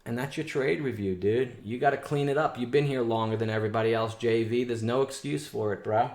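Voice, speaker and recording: Speaking a little fast in a medium-pitched, darkish voice, a man hosts a day trading show as live stream chat. He talks bluntly in casual slang, scolding and reviewing trades, with an echoey room behind him.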